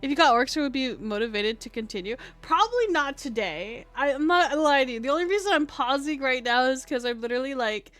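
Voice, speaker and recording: Tired high-voiced woman rambling on stream. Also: expressive, fast, few pauses, a bit bright. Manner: rambling, filler-heavy, swears freely, self-mocking. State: tired, scratchy throat. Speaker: VTuber game streamer. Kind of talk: casual live-stream chat.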